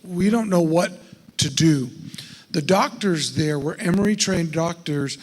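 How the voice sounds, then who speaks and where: A man's voice: a little high, unhurried, in a large hall, rough recording. A middle-aged man giving a folksy seminar talk to a church congregation, often putting questions to the audience. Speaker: estate planning speaker at a church. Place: church sanctuary.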